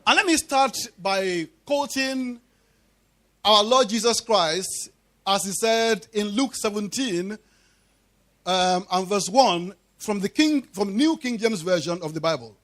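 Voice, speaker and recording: A man delivering a church sermon in a very high voice. He hammers his point home with emphatic repetition and keeps tossing questions back to the congregation. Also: animated, slow pace, a bit bright. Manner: emphatic call-and-response preaching, repeating key phrases. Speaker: pastor.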